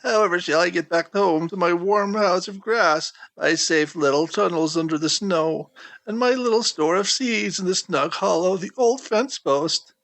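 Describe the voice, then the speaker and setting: A man's voice: high voice, moderate pace, fairly bright tone, no echo. A man voicing a small, frightened male meadow mouse with a fretful, pleading manner. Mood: worried. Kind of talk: storybook character voice.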